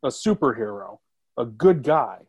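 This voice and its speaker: A man's voice: medium pitch, very animated, unhurried, darkish tone, breathy edge. A man, a film critic guest, talking emphatically in a casual review chat. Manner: emphatic, with filler-heavy restarts.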